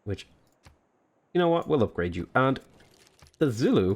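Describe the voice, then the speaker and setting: Very animated and brisk, this man speaks in a mid-range voice and pauses often. He's hosting a laid-back let's play, joking around and rambling with lots of fillers, and soft game music runs in the background.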